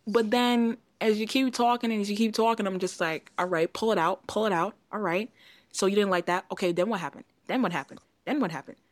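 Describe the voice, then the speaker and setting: A woman co-hosting a casual podcast, telling a long story with lively acted-out quotes. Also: medium pitch, fairly quick, no echo. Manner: animated storyteller, acts out quotes. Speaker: podcast co-host. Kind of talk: casual chat.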